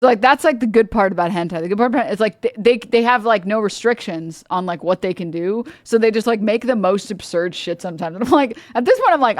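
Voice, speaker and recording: A woman's voice: mid-range voice, lively intonation, quick pace, few pauses, no echo, clean studio sound. A woman streamer ranting casually, rambling with lots of "like", swearing and laughing often. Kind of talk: casual livestream rant. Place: home streaming setup.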